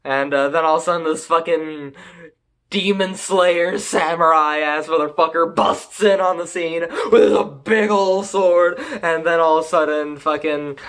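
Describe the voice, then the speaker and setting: A man's voice: on the high side, steady tone, a little slow, fairly bright tone, smooth. Crude, rambling young male reviewer. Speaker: anime reviewer. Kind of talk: casual profane recap.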